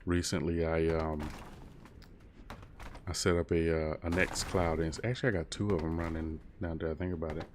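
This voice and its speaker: Deep-voiced man rambling on a stream. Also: level tone, normal speed, slight background noise. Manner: rambling, laid-back, says "bro". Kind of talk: casual chat while gaming. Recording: keyboard clicks and typing behind.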